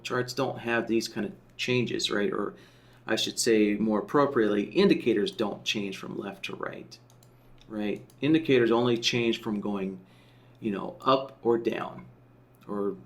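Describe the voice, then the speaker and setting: Slow, low-voiced man explaining software. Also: steady tone, creaky. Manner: explains step by step, keeps asking "right?"; thinks aloud with fillers. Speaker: software trainer. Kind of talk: screen-share tutorial.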